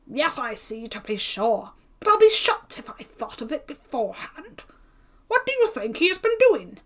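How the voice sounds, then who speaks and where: A woman's voice: high-pitched, very animated, normal speed, pitched above the performer's own voice. A woman doing a pompous chatty tailor. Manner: chatty, self-important, exclaiming. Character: pompous gossiping male tailor.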